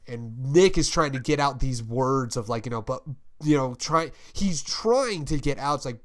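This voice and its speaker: A young adult man in casual chat, rambling and swearing as he pitches a story and acts out its quotes. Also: normal speed. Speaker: podcast co-host.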